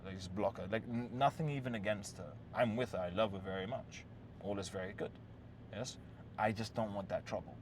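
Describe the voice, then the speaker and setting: A man's voice: on the low side, a little fast, slight background noise. A man hosting a relationship-advice talk, telling a story in a blunt, profane, casual way and often checking in with "yes?" and "right?".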